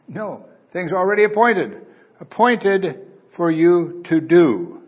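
A man's voice: a little high, expressive, a little slow. A man preaching a Bible teaching, talking casually to his listeners and reading scripture aloud with dramatic emphasis.

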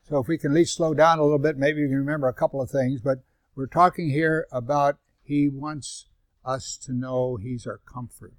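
An older man preaching a sermon, moving from loud, emphatic scripture reading to quiet, conversational asides with rhetorical questions for the congregation. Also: mid-range voice, steady tone, moderate pace, dry recording. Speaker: pastor.

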